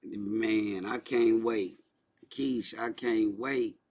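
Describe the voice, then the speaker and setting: A man's voice: lowish voice, fairly even intonation, very slow, a little mellow. Man chatting casually on a livestream. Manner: loose and repetitive, restating his points. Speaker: livestream host.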